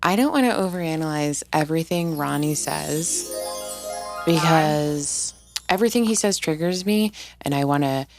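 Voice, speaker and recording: A woman hosting a casual recap video, talking in an animated, blunt and profane way. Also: low-pitched, moderate pace, faint music behind. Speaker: video host.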